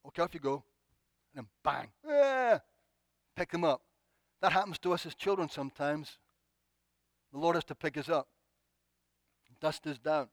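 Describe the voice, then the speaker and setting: A man preaching a sermon, acting out pleading prayers with expressive, dramatic delivery. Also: on the high side, normal speed, pauses often, dry recording.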